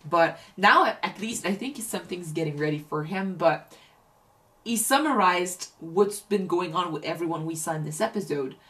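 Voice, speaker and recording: A woman's voice: lowish voice, moderate pace, fairly bright tone. A woman co-hosting a reaction chat, talking through a show thoughtfully and often restarting her sentences. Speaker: reaction channel co-host.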